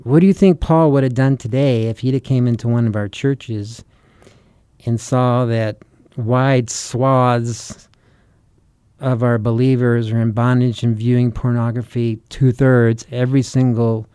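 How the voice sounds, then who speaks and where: A man teaching in a sermon style, his voice mellow and warm. The sound is smooth and resonant, recorded dry and close. He presses his points with earnest urgency and a string of rhetorical questions. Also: medium pitch, steady tone, unhurried, dry recording. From United States. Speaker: Christian author and preacher.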